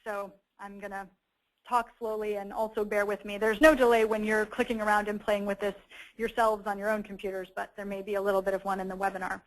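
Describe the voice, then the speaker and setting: Woman doing a webinar demo, friendly explainer, lots of ums, mid pitch. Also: level tone, fairly quick, poor audio. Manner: explanatory, friendly, with frequent um and uh fillers. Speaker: webinar presenter. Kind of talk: presenting a webinar with a screen walkthrough.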